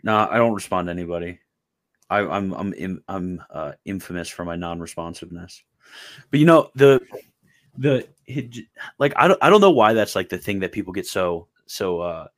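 Low-voiced man rambling in casual chat. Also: animated, normal speed. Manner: rambling, self-interrupting. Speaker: stream host.

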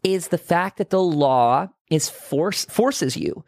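A woman's voice: on the low side, animated, slow pace, darkish tone, no room sound, clean studio sound. A woman co-hosting a casual podcast chat, thinking aloud with lots of "like" and "I mean". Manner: thoughtful, hedging fillers.

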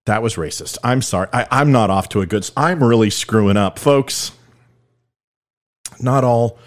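A middle-aged man hosting a podcast, delivering comedic political commentary in an irreverent, self-deprecating, joking manner. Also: lowish voice. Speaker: podcast host.

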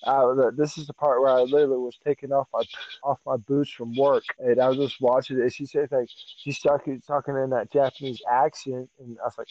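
A man's voice: mid-range voice, little pitch movement, brisk, darkish tone. A man co-hosting a podcast, chatting loosely and profanely with jokes. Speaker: podcast co-host. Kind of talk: casual podcast chat. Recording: dull lo-fi audio.

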